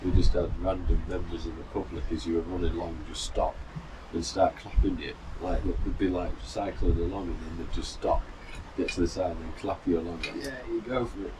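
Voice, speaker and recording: Deep-voiced and level, the middle-aged man talks briskly with hardly any pauses, telling a meandering, filler-heavy story about his long run. The runner vlogger sits on a mountain balcony, recorded from a distance with noisy outdoor ambience.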